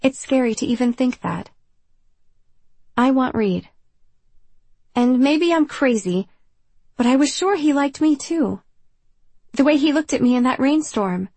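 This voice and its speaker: A young woman narrating a first-person audiobook in a wry, confessional, self-deprecating way, with a husky voice. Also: high voice, animated, measured pace, pauses often, a little mellow, no room sound.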